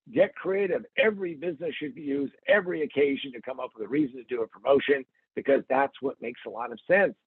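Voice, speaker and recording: A man's voice: fairly high pitch, breathy edge, no room sound. A man hosting a podcast in casual, joking chat, telling stories with playful asides. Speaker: podcast host. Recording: tinny phone-like line.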